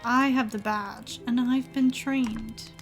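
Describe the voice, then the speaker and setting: Young woman, game streamer, casual commentary, laughs often, unhurried, faint music behind. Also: a little high, fairly even intonation. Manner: giggly, reads game text aloud and reacts.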